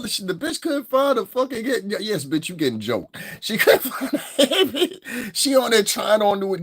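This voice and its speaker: Ranting on his livestream, a Northeastern-accented commentator curses liberally, laughs a lot, and mocks others' voices. His pitch is extremely high, slightly bright, and a bit rough, recorded in studio quality with no echo.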